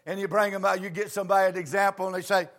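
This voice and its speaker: A man with a high voice preaches in a folksy, storytelling way. His plain homespun phrasing is full of asides. He swings from low murmurs to fervent shouting. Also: flat delivery, very fast.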